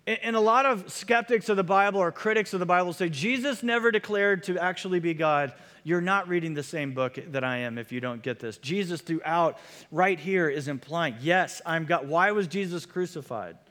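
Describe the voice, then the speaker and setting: A man's voice: a little high, normal speed. Man preaching in a reverberant hall. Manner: conversational, animated preaching with many fillers. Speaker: pastor. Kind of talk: sermon.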